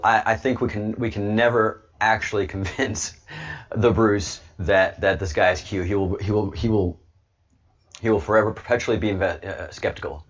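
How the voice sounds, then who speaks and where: A man's voice: on the low side, muffled recording. A man hosting an online video show, giving heated political commentary and repeating words as he pushes his point. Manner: emphatic, repeats words while pushing a point.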